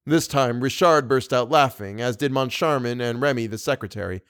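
A man narrating an audiobook in a lively, animated storytelling manner. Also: medium pitch, normal speed, hardly any pauses, no echo, studio quality. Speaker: audiobook reader.

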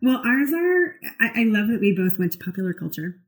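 A woman's voice: on the high side, very animated, a little fast, rough recording. A woman who counsels clients, co-hosting a casual chat and explaining ideas animatedly, with many "like"s and "you know"s. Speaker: therapist and podcast co-host.

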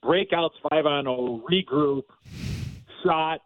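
This man tells his story in a fairly high voice, talking in a rambling, animated way with frequent laughs. The recording is dry and a little dull, like lo-fi audio, and there is no room sound. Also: takes it slowly, dry recording. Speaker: former hockey player, guest. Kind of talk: casual storytelling chat.

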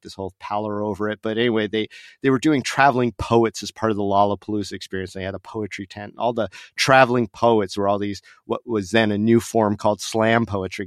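A lower-pitched, middle-aged man from Las Vegas spins a long anecdote as a podcast guest, laughing and acting out other people's voices. His voice sits close and dry on the mic, with no room around it. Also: clean tone, no echo. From Las Vegas, USA. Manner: animated anecdote teller, laughs often, acts out voices. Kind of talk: casual storytelling chat.

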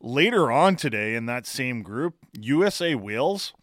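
A man's voice: mid-range voice, very animated, measured pace, a bit bright, no echo. A man co-hosting a morning sports radio show, chatting through match news in a studio. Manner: conversational, explains match news with fillers.

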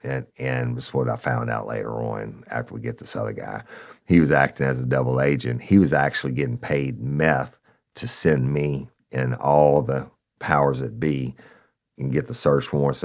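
Gravelly deep-voiced man. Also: darkish tone. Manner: blunt, profane, conversational, addresses listeners as y'all. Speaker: podcast storyteller, former cop. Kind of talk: casual profane storytelling.

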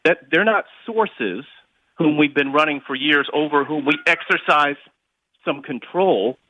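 A male guest analyst giving measured, explanatory commentary. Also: on the high side, sharp tone, no echo, highs cut off.

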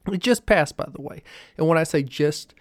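A young man from New Jersey hosting a cannabis news show, talking loosely and excitably with a lot of profanity. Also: a little high, normal speed, no echo, studio quality. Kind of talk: casual news commentary.

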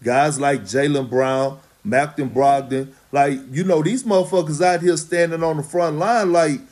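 A man talks as a retired basketball player in a loose podcast conversation. His voice sits a little high for a man. He talks slowly and emphatically, with blunt, profane phrasing. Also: steady tone, darkish tone. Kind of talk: casual podcast chat.

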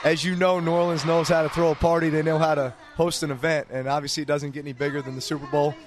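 Fast-talking man, earnest athlete guest. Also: a little high, flat delivery. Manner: earnest, with frequent "uh" fillers. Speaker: professional football player guest. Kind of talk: casual interview answers. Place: outdoor event stage set.

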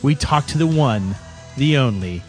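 A man's voice: mid-range voice, lively intonation, unhurried, over loud music. A man hosting a show, playing the exasperated straight man in comic banter. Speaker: show host.

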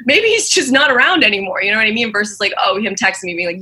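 A woman's voice: medium pitch, very animated, fast, pushed and bright, breathy edge. A young woman in casual chat, animatedly telling a dating story and acting out the quotes.

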